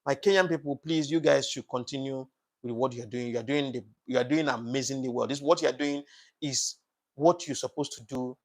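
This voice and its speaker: A man's voice: medium pitch, a little fast. A man hosting a casual live broadcast, thanking viewers by name and preaching passionately about politics, with many fillers and repeats. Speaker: live-stream host.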